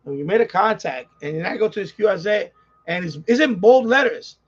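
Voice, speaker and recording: A man's voice: high voice, expressive, a little fast, husky. A man with a New York accent hosting a ham radio live stream, venting in an exasperated, repetitive way, on dull lo-fi audio. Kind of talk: casual live-stream rant.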